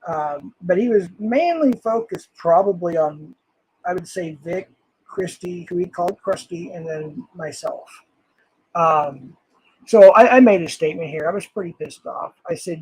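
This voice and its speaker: A man's voice: high voice, a little slow, breathy edge, rough recording. An older man streaming live, reading comments aloud in an angry, swearing rant.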